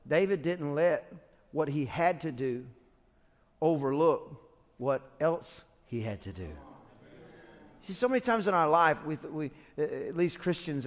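A man preaching a sermon as pastor, telling a story in a humorous, conversational way with frequent restarts. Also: fairly high pitch. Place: church sanctuary. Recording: long church-hall reverb.

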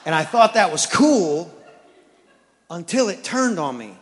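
A man from East Texas with an East Texas accent preaching a sermon as pastor, telling stories with animated, stammering restarts. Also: high-pitched, a little slow, in a large hall. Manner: animated storytelling with repeated restarts.

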